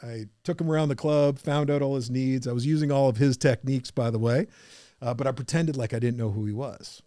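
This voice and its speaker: A man guesting on a podcast, telling his own story with animated energy and acting out the people in it. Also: medium pitch, brisk, dry recording, clean studio sound. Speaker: podcast guest, business coach.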